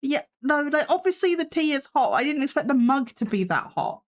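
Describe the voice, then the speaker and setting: Chatty high-voiced woman streamer. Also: very animated, a little fast. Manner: chatty, talks to chat and her cat, self-mocking sarcasm. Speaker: live stream host. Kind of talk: casual live stream chat. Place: home desk setup.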